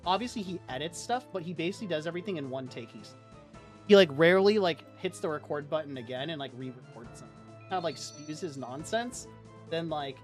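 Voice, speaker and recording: A man streaming live, chatting casually and rambling, with lots of "like" as he tells stories. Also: on the high side. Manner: rambling, heavy use of "like", animated storytelling. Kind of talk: casual livestream chat.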